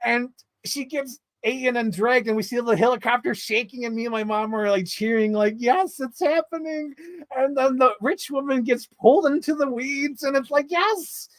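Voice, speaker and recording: A man casually reviewing movies in a vlog, telling stories in an excitable, rambling way full of swearing and filler words. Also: very high voice, fairly quick, no echo.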